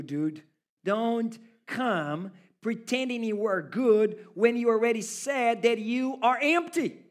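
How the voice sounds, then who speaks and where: A male pastor preaching a sermon in an emphatic, rhetorical way, speaking straight to his listeners. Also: very high voice. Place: church service.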